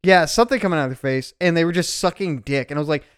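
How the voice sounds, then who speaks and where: A man's voice: on the high side, rapid-fire, fairly bright tone, smooth. A man hosting a casual podcast, talking in a loose, laughing, profane way. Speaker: podcast host.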